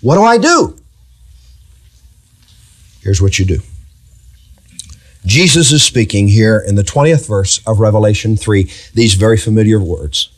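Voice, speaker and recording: A pastor preaching a sermon, asking the congregation rhetorical questions. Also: male voice, on the low side, moderate pace.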